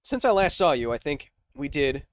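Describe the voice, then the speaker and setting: A man hosting a casual science livestream, reading viewer questions aloud and answering them with jokes, slowing down for dramatic emphasis. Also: a little high, dry recording. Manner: energetic, joking, shifts between slow dramatic emphasis and quick asides.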